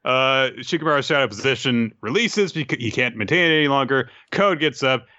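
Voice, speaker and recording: A man's voice: medium pitch, a little fast, dry recording. A man chatting casually as host, recapping a comic with wry asides, on a dull, dry lo-fi recording. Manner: animated, wry.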